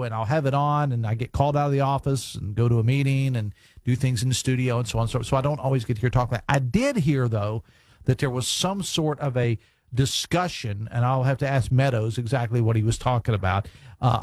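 A man's voice: medium pitch, brisk, a little mellow, dry recording, studio quality. A man hosting a radio talk show, chatting casually with folksy jokes and lots of fillers, reading listener texts. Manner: chatty, folksy, joking asides with many fillers. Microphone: studio microphone.

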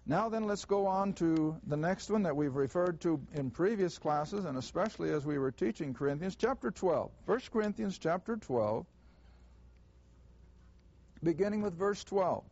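A man teaching a Bible class, reading verses slowly and deliberately and stressing key words. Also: high voice, expressive, a little mellow, lo-fi sound.

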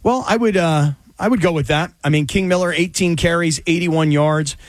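Male sports-talk co-host, high voice, blunt and emphatic, dry close recording. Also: moderate pace, dry recording. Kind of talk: casual sports debate.

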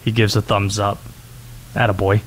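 Casting: male sports radio host, slightly high, animated and jokey. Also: unhurried, slight background noise. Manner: animated, puts on silly voices.

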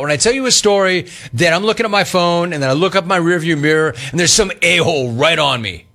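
A man's voice: a little high, expressive, fast, few pauses, bright, forceful tone. A man hosting a live talk show, reading out listener complaints and teasing a caller about his name. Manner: teasing, mocking repetition. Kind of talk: casual live show banter.

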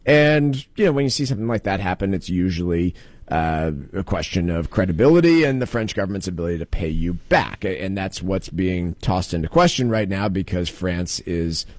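A male talk radio host with a somewhat low voice, recorded dry and close on a studio mic. He rambles casually through market topics, cracking small jokes and filling pauses with ums and uhs. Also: lively intonation, dry recording. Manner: loose, joking, thinks aloud with many fillers.

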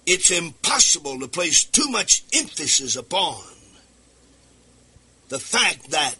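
A man delivering a radio sermon at a desk microphone, his voice high and piercingly bright with a husky edge. He preaches fervently in a rising singsong, swinging his pitch widely and breaking into sudden shouts.

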